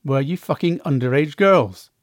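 A man's voice: a little high, moderate pace, no room sound, studio quality, close to an everyday voice. A man voicing a menacing, crude, tattooed male convict who threatens his new cellmate.

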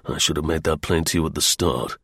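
A man's voice: rumbling low, brisk, sharp tone, husky, no echo, clean studio sound, pitched below the performer's own voice, exaggerated voice. A man voicing a stern male secret service agent who talks in clipped, threatening lines. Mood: explaining.

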